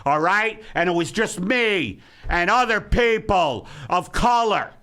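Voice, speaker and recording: Bright-voiced ranting man comic. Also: high voice, expressive, slow pace. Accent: New York. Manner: ranting, shouting swings, sarcastic. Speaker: podcast host. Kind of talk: comedic rant.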